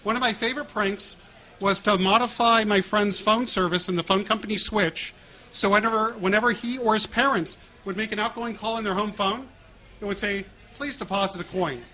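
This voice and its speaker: Higher-pitched american guy, middle-aged, telling prank stories all animated. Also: a little fast. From United States. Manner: animated storyteller acting out prank calls with laughs. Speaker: guest speaker. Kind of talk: storytelling talk.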